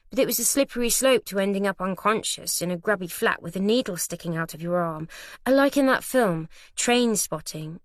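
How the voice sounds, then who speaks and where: A woman narrating a thriller audiobook in a measured, steady storytelling manner. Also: lowish voice, no room sound, clean studio sound. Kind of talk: scripted narration.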